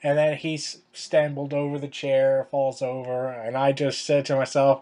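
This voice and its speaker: A man's voice: medium pitch, little pitch movement, normal speed, few pauses, warm tone. A young man giving casual commentary in a video, rambling and full of filler words. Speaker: video creator.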